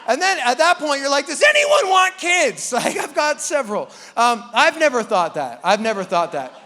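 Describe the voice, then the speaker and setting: A man with a very high, bright, sharp-edged voice preaches to his church, animated and quick to joke as he acts out the voices in people's heads. His words ring out with a long hall reverb. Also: a little hiss or hum. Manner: animated and joking, acting out inner voices. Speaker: pastor. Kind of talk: sermon.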